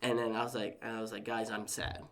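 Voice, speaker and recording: A man's voice: lowish voice, level tone, fast. A young man chatting as a podcast guest, rambling through a personal story with lots of "like" and acting out what his family said. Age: young adult. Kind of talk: casual podcast conversation.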